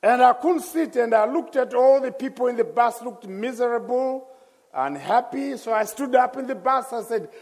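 A man's voice: very high voice, a little mellow. Man, preacher, passionate sermon, long echoing reverb. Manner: passionate storytelling, slow and emphatic.

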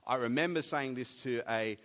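A man preaching a sermon, animated, with jokey asides and big swings between loud and soft. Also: medium pitch, moderate pace. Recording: long hall reverb.

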